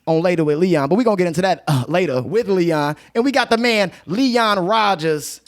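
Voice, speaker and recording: A man's voice: high voice, animated, normal speed. A young man hosting a podcast, full of hype, laughing often and repeating his words. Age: young adult. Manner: hyped, laughing, repeats himself. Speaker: podcast host. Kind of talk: casual comedic podcast banter.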